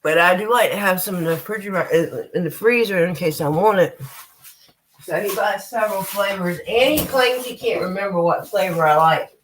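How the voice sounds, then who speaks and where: A woman's voice: lowish voice, moderate pace, slight background noise. An American woman chatting casually on a live stream, swearing freely and talking straight to her viewers. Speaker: vlogger.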